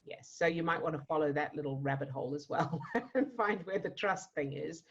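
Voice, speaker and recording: A woman coach guiding a client in a one-to-one session, gentle and reassuring, asking questions. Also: low-pitched, a little fast, highs cut off, slight background noise. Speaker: emotional fitness coach.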